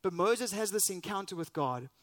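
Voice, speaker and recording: A man's voice: high voice, lively intonation, normal speed, a bit bright, dry recording. A man preaching a sermon as pastor, earnest and emphatic, with rhetorical questions.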